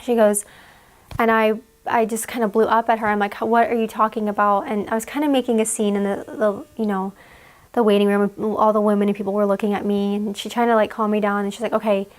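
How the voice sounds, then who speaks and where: A young woman giving an emotional personal account in an interview, halting and full of "like"s. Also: medium pitch, little pitch movement. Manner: halting, fillers, many "like"s.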